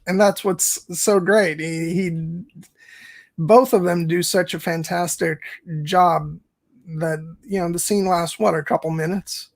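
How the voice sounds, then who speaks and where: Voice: medium pitch, steady tone, unhurried, vocal fry. A podcast co-host in casual film review chat, hesitant and thinking aloud with many restarts.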